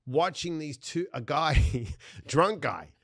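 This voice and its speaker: A man from Australia whose accent mixes Australian and New York sounds, telling stories as a podcast guest in a casual, animated way. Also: a little high, slow pace, dry recording, studio quality. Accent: Australian with New York influence. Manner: animated storyteller, swears casually. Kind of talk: casual chat.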